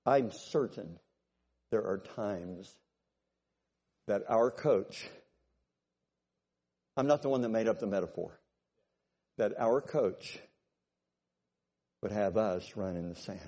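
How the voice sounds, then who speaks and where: A man preaching a sermon, telling stories and checking in with his congregation, swinging from loud bursts to low asides. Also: takes it slowly, long pauses. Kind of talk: sermon with storytelling.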